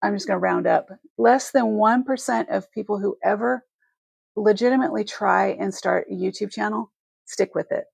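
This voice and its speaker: A woman's voice: medium pitch, moderate pace, creaky, darkish tone, slightly rough, no room sound. A woman hosting a live selling stream, talking to her viewers in a heartfelt, rambling way with many restarts, emotional and close to tears.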